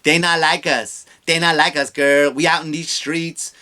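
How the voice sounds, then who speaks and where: A man's voice: fairly high pitch, steady tone, moderate pace, bright, forceful tone. A man doing a caricatured woman politician. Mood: mocking. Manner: exaggerated, put-on drawl.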